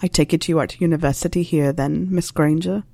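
A woman voicing a stern, dry older male professor in a storybook reading, speaking slowly and in a clipped, measured way. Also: sits low, fairly even intonation, vocal fry, warm tone, dry recording.

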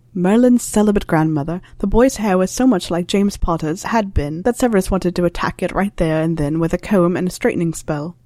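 A woman narrating a story in a calm, even reading voice. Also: mid-range voice, no echo.

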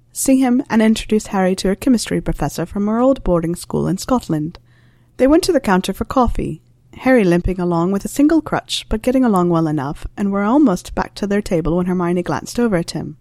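Low-voiced woman reading a story. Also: dark tone, dry recording, clean studio sound. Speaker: narrator. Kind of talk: storybook narration.

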